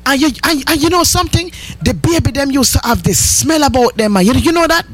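Man as older Jamaican auntie radio host, high bright voice, lively, cackles. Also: brisk. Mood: gossipy. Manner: cackling laughs, sing-song patois chatter. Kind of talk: comic radio call-in sketch.

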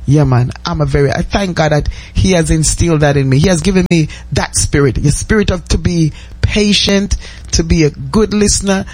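A man's voice: a little high, a little fast, darkish tone, dry recording. A man with a Jamaican accent hosting a gospel radio show, chatting casually, reading listener messages and repeating phrases. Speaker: radio host.

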